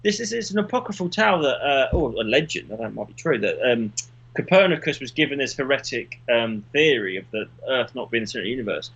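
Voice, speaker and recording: A man's voice: mid-range voice, lively intonation, fast talker, gravelly, a bit bright, breathy edge, muffled recording. A man, co-hosting a podcast in casual chat, rambling through stories and swearing freely. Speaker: podcast co-host.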